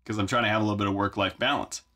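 Faint music plays behind a low-leaning voice that is steady, pushed and bright, delivered rapid-fire. The songwriter, hosting a vlog in his home studio, chats casually and wryly about himself as he thinks through his work.

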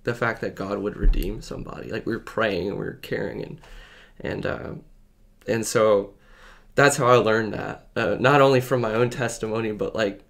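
A man's voice: on the low side, moderate pace, gravelly. A man sharing a personal faith story in casual conversation, earnest and rambling, with lots of fillers. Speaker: podcast guest. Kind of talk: casual testimony chat.

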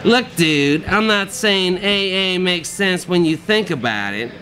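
A man's voice: high-pitched, animated, a little slow, bright, forceful tone, pitched above the performer's own voice, heavily acted. A man voicing a pushy, lecturing recovery zealot who talks down to his listener. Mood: preachy. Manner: lecturing, condescending.

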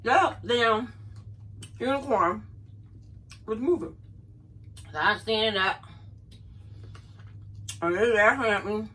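A woman's voice: fairly high pitch, slow pace, pauses often, low-quality recording. A middle-aged woman, chatting to her viewers as she tells a funny story from her younger days. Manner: animated, chatty, addresses viewers as y'all. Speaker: vlogger. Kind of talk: casual storytelling to camera.

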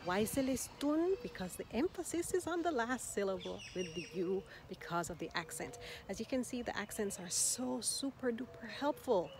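A woman teaching Spanish to expats, speaking slowly and repeating each word carefully in an upbeat, encouraging way. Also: medium pitch, lively intonation. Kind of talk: language lesson. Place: outdoors in a city park. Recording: outdoor noise, birds and traffic.

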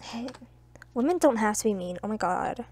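A woman's voice: fairly high pitch, lively intonation, moderate pace. A young woman chatting casually while playing a video game with friends, teasing and trash-talking with bursts of laughter. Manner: playful trash talk with loud laughs. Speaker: gamer. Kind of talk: casual gaming chat.

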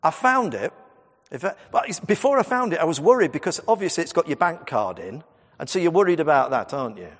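A man's voice: fairly high pitch, big pitch swings, fast talker, fairly bright tone. A man in his fifties, a Methodist minister, preaching a sermon in a chatty storytelling way with humour and asides to the congregation. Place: church. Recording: long church reverb.

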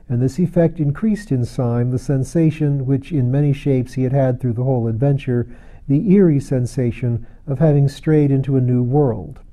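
A man reading a classic novel aloud in a measured, even audiobook narration. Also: medium pitch. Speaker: audiobook reader.

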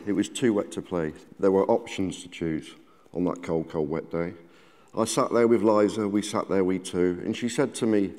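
A man's voice: low voice, normal speed, darkish tone. A man reading his own rhyming children's book aloud to a live audience at a conference, with a sing-song cadence and theatrical quoted voices. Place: large conference hall. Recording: reverberant conference hall.

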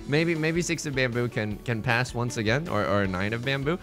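Medium-pitched, a bit bright and a little fast, this young let's play host chats casually while playing a tile game. His commentary rambles, jokes, restarts often and pokes fun at himself, and faint music plays behind him.

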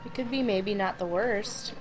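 A woman's voice: mid-range voice, normal speed, over music, low-quality recording. A young woman co-playing a horror game, dry and teasing, giving her friend directions. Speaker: let's play co-player. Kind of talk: casual co-op gameplay chat. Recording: game sounds loud behind voice.

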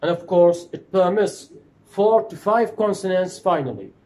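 A man lectures on phonetics in an animated, unhurried way, repeating himself and posing questions he then answers. His voice sits high with a warm tone, recorded in an echoey room with faint noise.

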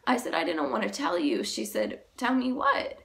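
A woman's voice: lowish voice, big pitch swings, normal speed, vocal fry. A teenage girl candidly recounting a painful personal experience to her viewers, slangy and emotional. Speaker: vlogger. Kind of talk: personal storytime.

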